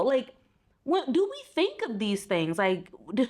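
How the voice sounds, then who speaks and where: A woman's voice: on the high side, huge pitch swings, measured pace. A woman talking candidly in a casual vlog, sitting in bed in a hotel room and speaking to a compact camera, with many "like" fillers. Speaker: vlogger. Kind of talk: casual reflective vlog talk.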